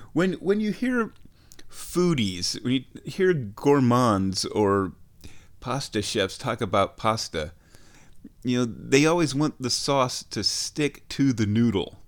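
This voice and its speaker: A man with stuffed-up sinuses hosting a podcast, talking in a casual, playful, digressive monologue while walking around his home. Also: mid-range voice. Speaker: podcast host. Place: at home, walking between rooms.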